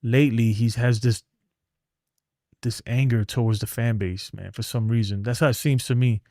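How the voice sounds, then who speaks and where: A man's voice: mid-range voice, steady tone, moderate pace, mellow, dry recording, studio quality. A middle-aged man, ranting bluntly and rambling in a casual livestream, trailing off into mumbles. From New York. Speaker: sports streamer.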